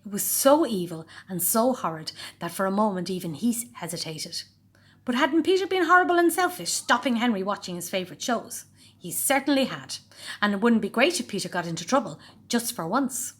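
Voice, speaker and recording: Expressive woman reading a children's story. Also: medium pitch, a little fast, husky. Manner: expressive, voices every character. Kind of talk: storybook narration.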